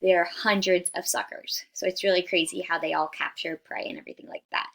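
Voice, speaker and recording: A woman's voice: fairly low pitch, steady tone, a little fast, creaky, a bit bright. Chatty young woman giving a slide presentation. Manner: chatty, many fillers, asks "right?" often; apologizes for stumbling over hard scientific words. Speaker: student presenter. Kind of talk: casual class presentation over slides.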